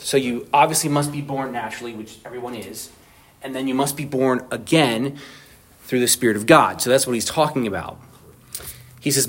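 A man teaching an informal Bible study, conversational and asking his group questions. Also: mid-range voice.

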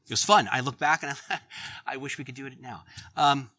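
Middle-aged male preacher, very bright tone, dry close sound, earnest and chatty. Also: mid-range voice, brisk, dry recording. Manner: conversational, earnest, laughs at his own stories. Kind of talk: sermon.

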